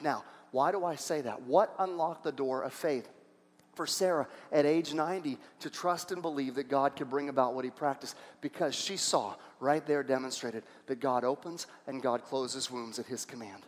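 A man preaching a sermon as pastor, animated, putting questions to the congregation and often restarting his sentences. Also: mid-range voice, normal speed. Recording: long hall reverb.

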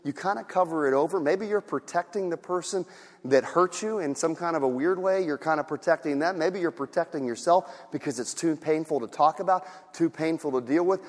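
A man preaching a sermon as pastor. He moves between quiet, soft talk and loud, shouted passages, and acts out the voices in his stories. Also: fairly high pitch, big-room sound.

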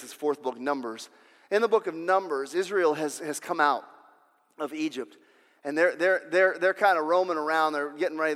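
A male preacher retelling a story in a sermon, restarting words and rising to shouted climaxes. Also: on the high side, in a large hall. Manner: restless, repeats words, builds to shouting.

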